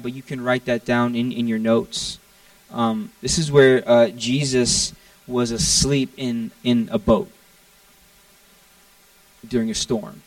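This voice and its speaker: A young man from Florida preaches with lots of energy, with a gravelly, fry-tinged voice. He jumps to a higher pitch when he acts out people's words. He is heard from a little way off the mic, in a dry sound. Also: no room sound, recorded from a distance, poor audio. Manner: animated, acts out quotes in a raised voice. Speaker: pastor. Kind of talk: sermon.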